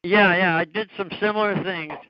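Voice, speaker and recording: A man's voice: high voice, fairly even intonation, normal speed, no room sound. A man calling in to a radio show, talking casually and swearing freely. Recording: dry, muffled lo-fi radio audio.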